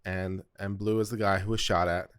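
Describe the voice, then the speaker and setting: A man's voice: sits low, little pitch movement, normal speed, a bit bright, clean tone, dry recording, studio quality. A man from South Carolina hosting a casual commentary on court audio, chatty and digressive with jokey asides. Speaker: host reacting to court audio.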